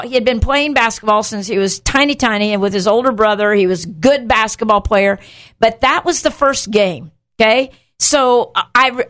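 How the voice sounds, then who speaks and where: A middle-aged woman co-hosting a Christian talk show, telling a story with lively asides and laughter. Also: a little high. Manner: animated storyteller, acts out voices, laughs often. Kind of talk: casual faith talk, storytelling.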